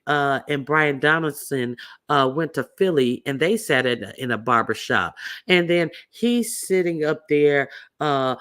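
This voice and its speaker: Guy rambling through a political rant, kinda high voice, lots of ums. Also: clear, resonant tone. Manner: rambling, animated storytelling with filler words. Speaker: political commentary host. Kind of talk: casual political chat.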